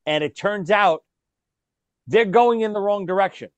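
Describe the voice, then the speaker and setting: Animated storytelling man, dry close sound. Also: high voice, moderate pace, dry recording. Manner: animated storyteller, laughs, acts out quoted lines. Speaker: podcast host. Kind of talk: casual chat, storytelling.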